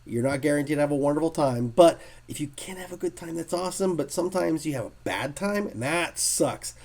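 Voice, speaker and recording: A man telling stories in a casual podcast chat, lively and acting out the people he quotes. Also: fairly high pitch, fairly quick, gravelly. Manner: lively storyteller, acts out quotes. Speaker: guest artist telling convention stories.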